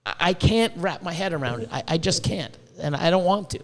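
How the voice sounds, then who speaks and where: A high-voiced man who grew up in Canada hosts a casual podcast, brimming with excitement and swearing often. He talks fairly quickly and repeats words as his thoughts outpace him.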